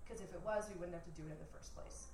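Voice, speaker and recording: A young woman shares a personal story with an audience, candid and laughing often as she quotes and mimics her family. Her lowish, slightly mellow voice races along with a little hiss or hum. The recording sounds far off in an echoey room with faint ambience.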